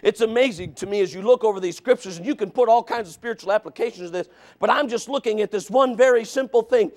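A male pastor preaching a sermon, swinging between shouting and hushed softness, with stammering restarts. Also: sits high, fast talker, hardly any pauses.

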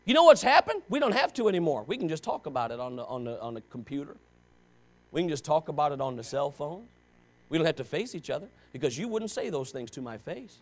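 A man's voice: fairly high pitch, very animated, quick pace. A pastor preaching a sermon to his congregation, talking straight at them in an impassioned, conversational way and pressing them with rhetorical questions.

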